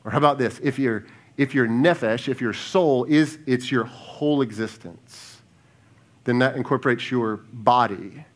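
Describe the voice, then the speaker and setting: A lead pastor preaches conversationally at a medium pitch and an unhurried pace, posing rhetorical questions to the congregation. He frequently restarts and repeats words, and his voice drops to a hush when he invites them to reflect.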